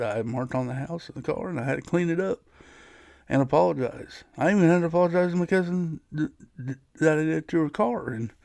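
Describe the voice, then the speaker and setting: A man's voice: mid-range voice, vocal fry, a little mellow, no echo, studio quality. A man hosting his own podcast, telling a personal story in a casual, rambling way, often restarting his sentences. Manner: rambling, frequent restarts and laughs. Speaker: podcast host.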